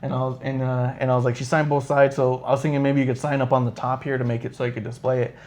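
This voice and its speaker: A man's voice: medium pitch, little pitch movement, fast talker, darkish tone. Swearing man telling a rambling story. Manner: acts out quoted dialogue with shifting voices. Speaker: podcast host. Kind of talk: casual live podcast chat.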